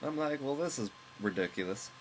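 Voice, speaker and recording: A man casually recounting a long, rambling story at home while commenting on a game, with chuckles and quick asides. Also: medium pitch, lively intonation, a little hiss or hum, poor audio. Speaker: let's play host. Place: at home, with a loud pet bird nearby.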